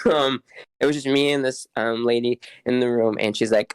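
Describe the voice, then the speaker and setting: A man's voice: mid-range voice, fairly even intonation, moderate pace, clean tone, no room sound, poor audio. A young man co-hosting a podcast, telling a story casually with lots of fillers. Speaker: podcast co-host. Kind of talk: casual chat.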